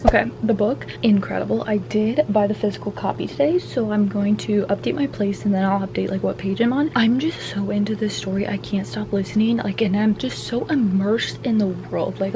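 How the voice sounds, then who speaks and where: Young female book vlogger, casual and chatty, heavy on fillers, mid-pitched, recorded at home with steady noise behind. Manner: chatty, filler-heavy, sometimes drops to a whisper. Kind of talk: casual reading vlog chat.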